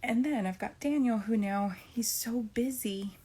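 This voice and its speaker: A woman's voice: fairly high pitch, unhurried, warm tone, slightly rough. A middle-aged woman talking casually about her homeschooling day and faith, rambling with restarts and frequent "right?" check-ins. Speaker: homeschooling mom sharing a faith reflection. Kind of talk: casual personal talk.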